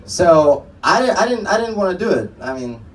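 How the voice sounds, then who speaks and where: A man's voice: high-pitched, very animated, moderate pace, distant mic, a little hiss or hum, low-quality recording. A young man doing a stand-up comedy set on a club stage, telling rambling stories with many restarts.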